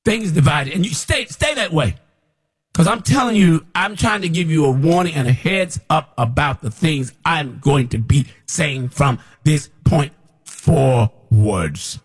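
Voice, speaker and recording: A man calling himself a prophet, preaching in a scolding, repetitive way that sometimes rises toward a shout. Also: a little high, lively intonation, unhurried, slightly rough. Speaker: self-described prophet. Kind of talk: preaching monologue.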